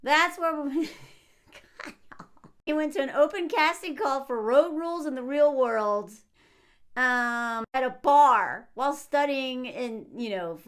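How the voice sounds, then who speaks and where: A woman in her thirties giving an animated, sarcastic commentary rant as a video host. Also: sits high.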